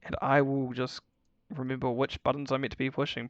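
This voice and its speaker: A man commentates a live esports match by himself in a chatty, easygoing way, often correcting himself mid-sentence and pausing to explain the game's mechanics for viewers. His voice sits at a middling pitch. The recording is dry and close, with no room sound. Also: little pitch movement, no room sound, highs cut off. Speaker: esports caster. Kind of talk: solo live game commentary.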